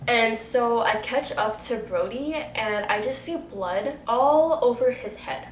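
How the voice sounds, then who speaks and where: A young woman, telling a story to camera in a casual, animated way and swearing freely. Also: on the high side, takes it slowly. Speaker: beauty vlogger telling a story. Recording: echoey room, faint background noise.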